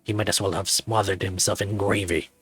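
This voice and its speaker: A man's voice: low voice, steady tone, fairly quick, fairly bright tone, soft background music. A man voicing a big, irritable gray male werewolf who grumbles sarcastically. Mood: sarcastic.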